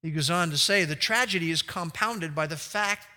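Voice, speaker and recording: A man preaching a sermon, lively and animated, acting out quoted voices with sudden jumps in pitch. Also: moderate pace. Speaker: pastor. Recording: long reverb of a large hall.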